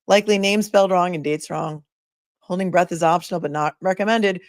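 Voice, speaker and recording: A woman with a slightly low voice hosts a casual livestream, talking loosely and musing aloud as she reads viewer comments. The sound is dry and close, with no room in it. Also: a little fast, dry recording. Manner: chatty, thinking aloud with many asides. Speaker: attorney and commentator.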